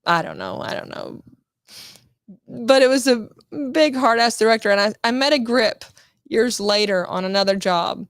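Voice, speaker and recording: Gravelly, animated woman telling a story. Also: on the high side, moderate pace, no room sound, clean studio sound. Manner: animated, swears freely, acts out quotes. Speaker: guest actress. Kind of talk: casual storytelling interview.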